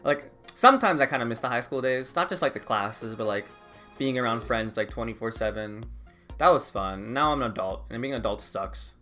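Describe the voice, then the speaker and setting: Young man, rambling vlog chat, bright tone, faint music behind. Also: mid-range voice, animated, fairly quick. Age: young adult. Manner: rambling, heavy use of "like", frequent laughs. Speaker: vlogger. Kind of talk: casual chat.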